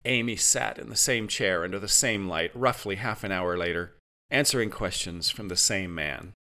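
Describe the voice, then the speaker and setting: Bright-voiced male audiobook narrator. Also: low voice, moderate pace. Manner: dry, satirical delivery. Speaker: author and narrator.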